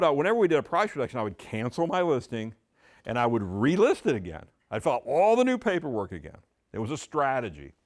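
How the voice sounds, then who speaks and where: A middle-aged man giving a training talk to real estate agents, telling stories and acting out the dialogue. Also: mid-range voice. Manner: animated storytelling, acting out dialogue.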